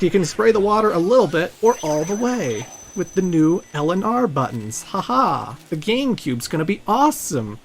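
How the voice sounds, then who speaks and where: A man hosting a let's play, giving jokey, rambling gameplay commentary. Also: fairly high pitch.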